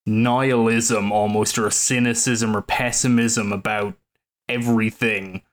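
A man's voice: lowish voice, level tone, a little slow. A man co-hosting a film podcast, talking in a thoughtful, rambling way with many fillers. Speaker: podcast co-host. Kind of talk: casual film discussion.

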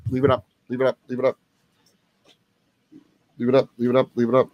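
A man's voice: medium pitch, monotone, fairly quick, dry recording, muffled recording. A man hosting a live Q&A as a dog trainer, talking bluntly and emphatically, swearing freely and repeating phrases for effect. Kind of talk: casual live-stream Q&A.

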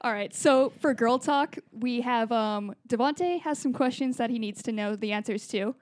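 Upbeat woman podcast host, somewhat high voice, dry close sound. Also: normal speed, no echo. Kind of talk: casual group chat.

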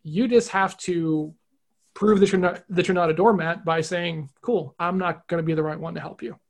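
A man's voice: on the high side, moderate pace, gravelly. A man on a podcast casually telling a story and acting out both sides of a conversation. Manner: animated, acts out quoted dialogue.

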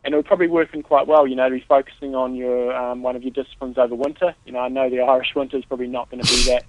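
A man co-hosting a casual podcast as a triathlon coach, patiently giving steady, practical training advice. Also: medium pitch, very fast. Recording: tinny phone-like line, dry.

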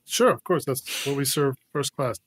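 An overly polite flight attendant who stumbles over his words with constant uhs, as a man improvises him. The voice sits at an ordinary middle pitch and sounds dry and close. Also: normal speed, a bit bright, no echo. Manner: hesitant, full of uhs, politely accommodating. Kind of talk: improv comedy scene.

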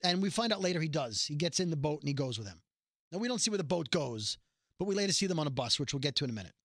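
High bright-voiced man recapping casually. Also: expressive, rapid-fire, no echo, studio quality. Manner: rambling recap, acting out characters' lines. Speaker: podcast co-host recapping a TV episode. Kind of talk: casual chat.

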